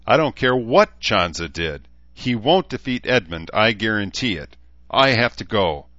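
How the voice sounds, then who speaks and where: A man voicing a fierce, urgent young sorceress who talks forcefully. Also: lowish voice, big pitch swings, measured pace, no echo, muffled recording, pitched above the performer's own voice, exaggerated voice.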